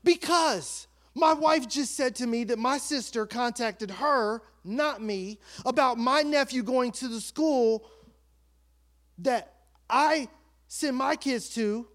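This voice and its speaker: A middle-aged man preaching a storytelling sermon as pastor, swinging from hushed asides to loud emotional outbursts. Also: very high-pitched, slow.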